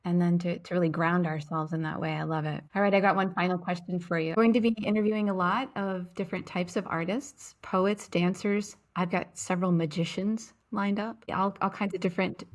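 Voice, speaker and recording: A woman's voice: fairly low pitch, fairly even intonation, fairly quick, hardly any pauses. An upbeat woman hosts a podcast interview, speaking with gushing, emphatic enthusiasm. Her voice comes through a video-call connection. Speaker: podcast host.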